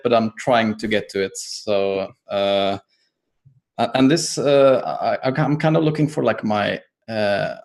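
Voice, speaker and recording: Gravelly-voiced man, tabletop player, halting speech full of fillers. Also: medium pitch. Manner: hesitant, many fillers. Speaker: tabletop game player and one-shot runner. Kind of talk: casual self-introduction.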